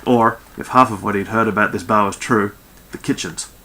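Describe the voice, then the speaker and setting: A man's voice: on the low side, fairly even intonation, moderate pace, sharp tone. A man reading a science fiction novel aloud, breaking off for sarcastic asides and swearing. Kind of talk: comedic book reading with snarky asides.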